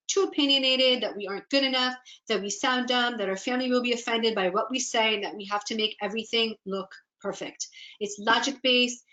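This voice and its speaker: A woman's voice: a little high, fairly bright tone, poor audio. Encouraging woman coach in a webinar. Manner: earnest, encouraging, quoting inner doubts aloud. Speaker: business and life coach. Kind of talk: webinar workshop presentation.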